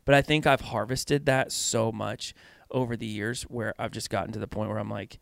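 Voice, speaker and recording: A man's voice: fairly low pitch, fairly even intonation, normal speed, gravelly, no echo. A man from Pennsylvania co-hosting a podcast, chatting casually about a book in a rambling way full of "like" fillers. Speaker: podcast co-host.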